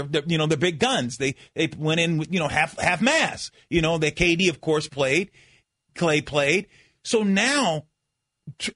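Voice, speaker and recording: A man co-hosting sports talk radio in a studio, animated and quick to interrupt, often repeating his words. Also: a little high, no room sound.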